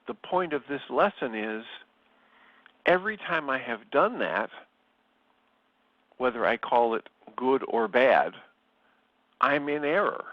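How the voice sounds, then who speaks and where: Slow, thoughtful man with a dry, lo-fi sound. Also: mid-range voice, dry recording. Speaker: study group leader. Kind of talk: reflective reading and commentary. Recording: slightly dull, lo-fi sound.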